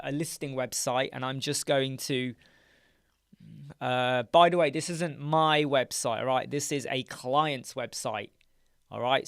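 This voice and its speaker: A man hosts a casual live stream, talking to viewers while muttering asides as he works. His voice has a gravelly edge at a middling pitch. The sound is dry and close, with no room echo. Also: a bit bright. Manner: chatty, muttering asides while working on screen. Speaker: live stream host, web designer. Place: dark home studio with soundproof panels.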